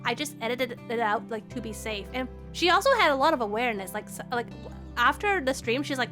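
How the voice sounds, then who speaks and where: A woman's voice: high-pitched, sing-song, a little fast, over music. A woman VTuber chatting casually on stream, bubbly and rambling, with lots of "like". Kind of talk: casual live-stream chat.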